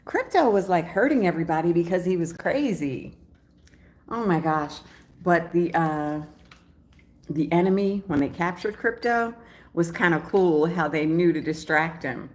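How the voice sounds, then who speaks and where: A woman's voice: lowish voice, expressive, unhurried. A woman vlogger chatting casually to camera at home in the morning, rambling and often laughing. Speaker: travel vlogger.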